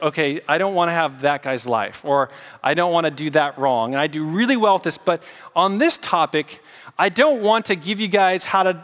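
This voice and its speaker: A man preaching a casual, animated sermon and getting the congregation to repeat words back to him. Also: sits high, in a large hall. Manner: casual, animated preaching with audience call-and-response. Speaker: pastor.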